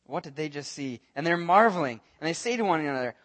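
Talking fast with hardly any pauses, a pastor whose voice leans high preaches a sermon, recounting the story with earnest animation and voicing each of its characters.

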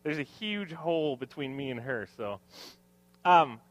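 Lively, joking male pastor preaching. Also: on the high side, a little slow, no echo. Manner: joking, self-deprecating asides to the congregation. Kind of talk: sermon. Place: church hall with congregation.

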